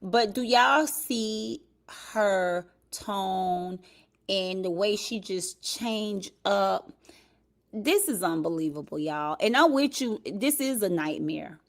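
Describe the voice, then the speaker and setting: A woman hosting a casual livestream commentary show, talking straight to her chat in a drawn-out way. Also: medium pitch. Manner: drawn-out, talks to the chat directly.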